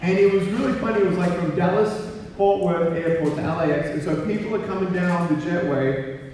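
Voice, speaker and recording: A man's voice: sits high, a little fast, a little mellow, slight background noise. A man in his thirties giving a humorous motivational talk to a live audience, a playful storyteller who acts out the voices in his stories. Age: 30s. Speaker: motivational speaker. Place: large school gymnasium. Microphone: handheld mic, recorded from far off in the hall. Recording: very echoey gym recorded from far off.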